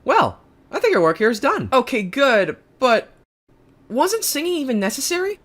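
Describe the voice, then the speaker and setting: Woman, higher voice, very animated delivery, quick banter across many cartoon roles. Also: a little hiss or hum. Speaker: voice actor for an animated game series. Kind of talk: animated game-character dialogue.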